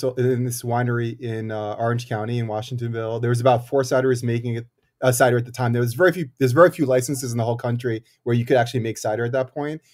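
A man, a cider maker and guest, talking in a thoughtful, halting way with many fillers and restarts. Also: mid-range voice, a little mellow. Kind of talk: casual interview talk.

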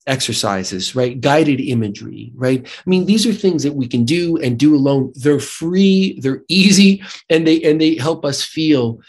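American guy with a husky voice, talks it through, lots of "right?" and restarts. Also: on the high side, measured pace, hardly any pauses. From United States. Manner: animated, thinks aloud with repeated restarts and tag "right?". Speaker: author and clinician guest. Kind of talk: conversational interview.

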